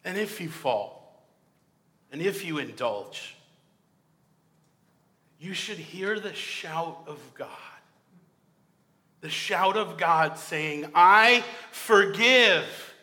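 A young man preaching a sermon with passion, moving between hushed and loud. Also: a little high, lively intonation, drawn-out words, pauses often. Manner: impassioned, swinging from hushed to loud. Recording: long hall reverb.

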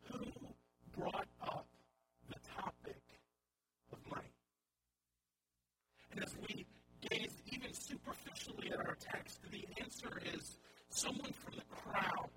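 A male pastor giving a sermon in a conversational style with wry asides, over a recording with hum and noise. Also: high voice. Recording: audible hum and background noise.

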